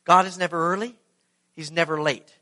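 A man preaching a sermon, animated and acting out the story as he goes. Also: a little high, normal speed. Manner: animated, acts out the scene. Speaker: pastor.

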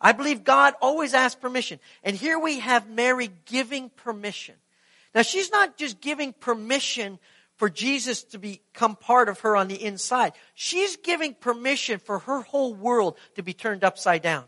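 A man preaching a sermon, animated and acting out the story as he goes. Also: very high voice, moderate pace. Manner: animated, acts out the scene. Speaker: pastor.

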